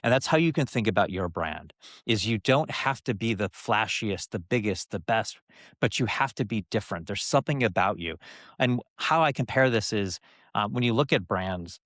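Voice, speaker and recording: Middle-aged male guest, low voice, dry close sound, loose anecdotal storyteller who repeats phrases for emphasis. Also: animated, normal speed, a bit bright, no room sound. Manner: anecdotal, drives points home by repeating phrases; loose delivery with frequent fillers and restarts. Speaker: interview guest, former TV executive and branding coach. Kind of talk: conversational storytelling.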